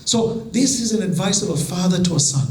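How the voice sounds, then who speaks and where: Guy preaching a sermon, kinda higher voice, big echoey room, gets loud then goes soft and slow. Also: animated. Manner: impassioned, dropping to soft, drawn-out emphasis; recites Arabic verses between English. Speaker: religious lecturer. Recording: echoey hall.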